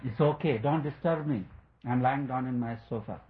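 A man's voice: medium pitch, normal speed, close to an everyday voice. Man doing stubborn, happily confused drunk old dad, tinny phone-like sound. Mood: amused insistence. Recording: tinny phone-like line, faint noise.

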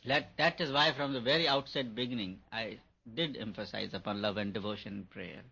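A man's voice: on the low side, brisk, creaky, pushed and bright, slightly rough. A man giving a spiritual talk on meditation, repeating his points for emphasis. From India. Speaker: meditation teacher. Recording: dull lo-fi recording.

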